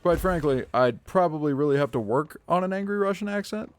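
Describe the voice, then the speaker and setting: A man's voice: on the high side, lively intonation, brisk, clear, resonant tone. A man chatting and joking with his viewers while streaming a video game. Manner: chatty, joking, talks to chat. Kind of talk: casual gaming livestream commentary.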